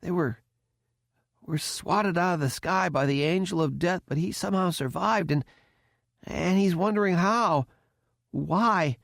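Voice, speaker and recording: A jittery young male cadet, voiced by a male audiobook narrator, pitched well above his usual voice. He stammers and pushes through his words with mounting anxiety, close and dry on the mic. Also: measured pace, vocal fry, long pauses, fairly bright tone, no room sound, heavily acted. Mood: haunted. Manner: stammering, anxious, rising into panic.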